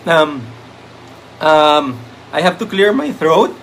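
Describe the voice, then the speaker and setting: A man's voice: on the high side, sing-song, slow pace, fairly bright tone, a little hiss or hum. Filipino man reviewing exam items. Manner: Taglish code-switching, many "um" fillers; thanks viewers by name. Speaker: review lecturer. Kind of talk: live-stream exam review.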